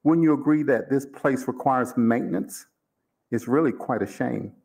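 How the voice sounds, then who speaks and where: A man reading aloud, voicing a calm, formal mortician who speaks with polite, amused menace. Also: mid-range voice, vocal fry, slightly rough. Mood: cool menace. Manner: measured, formal, coolly amused. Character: calm, cold-blooded older male mortician, polite and menacing.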